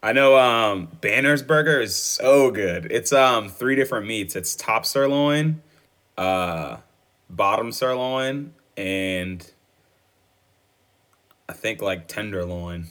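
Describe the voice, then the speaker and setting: A man's voice: fairly low pitch, animated, takes it slowly, a bit bright. A young man in casual conversation, chatty and upbeat. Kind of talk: casual chat.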